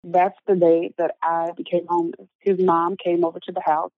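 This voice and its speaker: Speaking at a normal speed with little pitch movement, a woman whose voice is on the low side shares a personal story as an interview guest. She comes across as earnest, her talk packed with filler words. The recording is dry, echo-free, and narrow, much like a phone.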